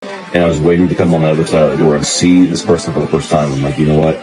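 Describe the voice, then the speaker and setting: A man's voice: a bass voice, fairly even intonation, fast talker, low-quality recording. A man ranting to camera in a blunt, intense way, swearing heavily. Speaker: dating content creator. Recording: clip with loud background music.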